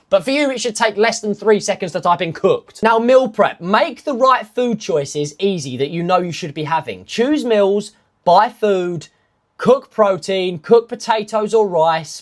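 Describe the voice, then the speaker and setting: A man, a fitness coach, talking casually through nutrition rules in step-by-step lists, with self-mocking asides. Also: high-pitched. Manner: emphatic, stepwise lists of rules. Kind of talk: casual instructional talk.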